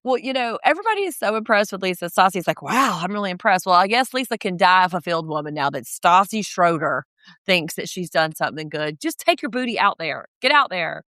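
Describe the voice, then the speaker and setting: A woman's voice: lowish voice, animated, fairly quick, pushed and bright, no room sound, clean studio sound. A woman co-hosting a podcast, ranting casually and with profanity as she recaps a reality show. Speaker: podcast co-host.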